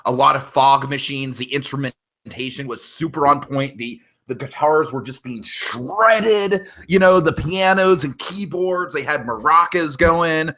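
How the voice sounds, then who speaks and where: A man's voice: on the high side, unhurried, pushed and bright, poor audio. A man hosting a podcast, chatting casually and enthusiastically, rambling with frequent restarts. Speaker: podcast host. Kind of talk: casual chat.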